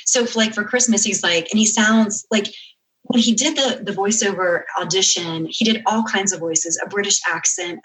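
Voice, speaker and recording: A woman author, a guest on a podcast, telling a story in casual, animated chat and correcting herself as she goes. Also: medium pitch, low-quality recording. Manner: animated storyteller, quick asides and self-corrections.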